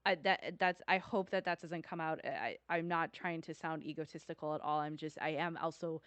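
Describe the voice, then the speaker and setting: Smooth-voiced woman podcast co-host. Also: sits low, fairly even intonation, moderate pace, a bit bright, no echo. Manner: chatty, laughs often, earnest. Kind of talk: casual podcast chat.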